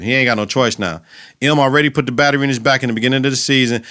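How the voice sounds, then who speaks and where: Animated, profane man recapping a TV episode. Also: mid-range voice, rapid-fire. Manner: animated and profane, acts out scenes. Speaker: podcast host.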